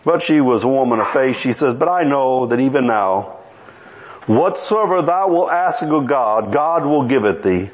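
A man preaches at normal speed on a rough recording with slight background noise. Relating scripture stories, he quotes the characters with animated voices and swings dramatically in pitch and pace.

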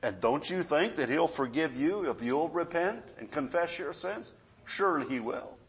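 High-voiced preacher, loud then hushed. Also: male voice, expressive, normal speed. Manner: storytelling preacher, swings between loud emphasis and quiet asides. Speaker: pastor. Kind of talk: sermon.

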